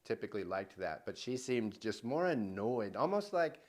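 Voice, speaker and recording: A man's voice: on the low side, very animated, moderate pace, a little mellow. A man co-hosting a casual podcast, talking eagerly and going off on long tangents. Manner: enthusiastic, rambling, tangent-prone. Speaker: podcast co-host.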